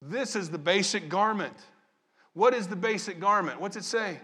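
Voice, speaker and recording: A man's voice: on the high side, moderate pace, slightly rough. A man from Southern Illinois preaching a sermon as pastor, asking his congregation question after question. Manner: animated, asks the congregation questions.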